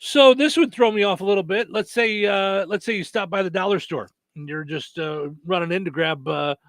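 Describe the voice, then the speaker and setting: A man's voice: sits high, normal speed, no echo, studio quality. A man co-hosting a radio show in casual chat, with many fillers and restarts.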